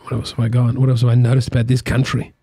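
Australian comedian guest, male, mid pitch, wry rambling podcast banter. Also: completely flat delivery, rapid-fire, warm tone, husky. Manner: wry, joking, rambling asides. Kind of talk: casual podcast conversation.

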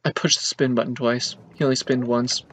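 A man's voice: medium pitch, flat delivery, a little fast, a bit bright, a little hiss or hum. A man commenting on his own gameplay, complaining dramatically and with exasperation about a hard level. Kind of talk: let's play commentary. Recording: dull lo-fi mic with faint game music.

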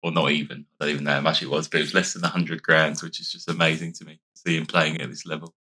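A man with a hoarse, fading voice giving casual let's-play commentary, chatting and thinking aloud as he plays. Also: rumbling low, little pitch movement, quick pace, sharp tone. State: losing his voice. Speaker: gaming YouTuber.

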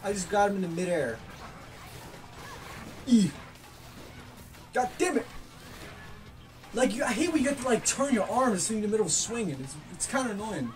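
A gaming YouTuber giving loud, excitable commentary, yelling and swearing at opponents while playing. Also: medium pitch, moderate pace, long pauses, far from the mic, soft background music.

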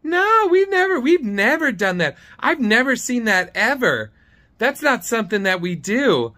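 A man putting on a shrill, whiny voice for a dismissive office clerk who stammers and gets flustered. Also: sing-song, a little slow, pushed and bright, exaggerated voice.

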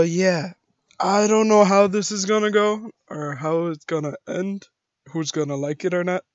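High-voiced man, casual gaming vlog. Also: clean tone, no room sound. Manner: chuckling, self-mocking. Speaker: gaming channel host. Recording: dull lo-fi mic.

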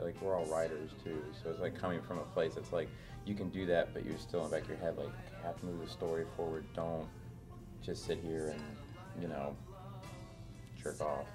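A man being interviewed as an actor, chatting casually and rambling through stories full of fillers. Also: sits low. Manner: rambling, filler-heavy storytelling. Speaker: actor guest.

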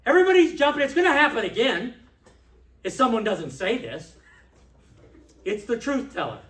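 Animated pastor preaching in an echoey church. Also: male voice, extremely high pitch, normal speed. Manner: animated, swings from loud outbursts to quiet asides. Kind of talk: sermon. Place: church sanctuary. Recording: echoey church hall from a distance.

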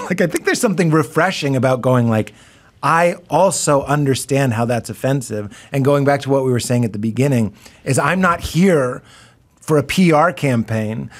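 A man, a comedian guest in casual podcast chat, animated and quick to laugh, acting out quoted voices. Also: medium pitch.

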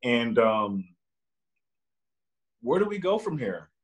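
A man's voice: mid-range voice, big pitch swings. A young man, a guest in a casual conversation, speaking earnestly with frequent restarts and fillers. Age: young adult. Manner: earnest, halting, many restarts.

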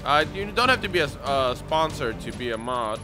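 A young man hosting a gaming channel, giving excitable let's play commentary with loud whoops and shouts. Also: mid-range voice, a little fast. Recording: game music playing underneath.

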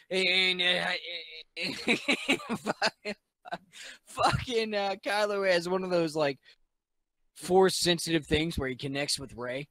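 A tipsy man in casual chat, retelling a movie plot in a rambling, profane, animated way. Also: high-pitched, slow pace, poor audio. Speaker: podcast guest.

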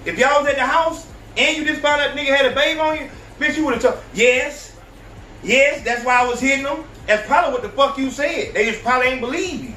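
Casual high-voiced guy ranting loud and profane, roomy echoey sound. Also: fast, few pauses, distant mic, a little hiss or hum. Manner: animated, profane ranting with laughs. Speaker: podcast host. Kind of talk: profane reaction commentary.

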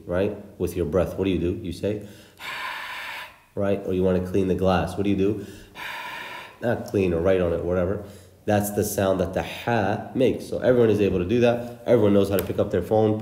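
A man's voice: deep voice, dark tone, echoey room. A man teaching the Arabic letters for Quran recitation, patiently drilling each sound with repeated examples. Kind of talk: instructional lesson.

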